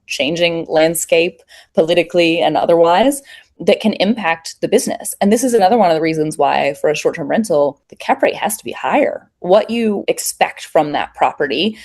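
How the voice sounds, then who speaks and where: A woman's voice: fairly low pitch, darkish tone. A woman guest in an interview, explaining in a chatty way and laughing between points. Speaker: industry guest. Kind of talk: casual interview chat.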